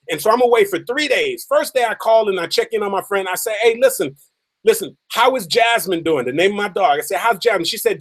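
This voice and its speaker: Emphatic high-voiced male motivational speaker. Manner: emphatic, repeats phrases for effect; slows down and stretches key lines for drama. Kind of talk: motivational storytelling speech.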